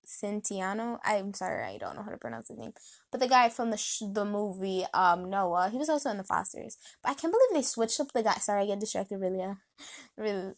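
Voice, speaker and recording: A young American woman rambles through a casual vlog at a quick clip, piling on fillers and restarts. Her voice sits at a middle pitch, chatty and a little nosy in tone. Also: vocal fry. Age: young adult. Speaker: vlogger.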